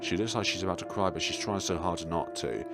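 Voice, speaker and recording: A man's voice: sits low, a little fast. A man reading a horror visual novel aloud and making playful, wry asides. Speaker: gaming video creator. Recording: game music behind.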